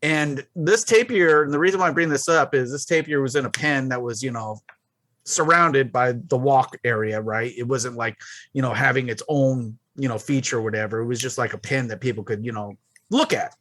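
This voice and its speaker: A man's voice: medium pitch, moderate pace, a bit bright, dry recording. A man co-hosting a podcast, telling a rambling anecdote full of fillers. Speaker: podcast co-host. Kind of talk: casual chat.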